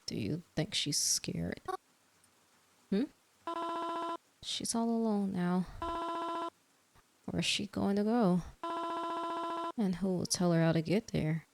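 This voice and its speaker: A woman voicing a grieving middle-aged mother in a game, soft, polite and mournful. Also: on the low side, takes it slowly, gravelly, long pauses, slight background noise, pitched above the performer's own voice. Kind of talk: reading game dialogue aloud.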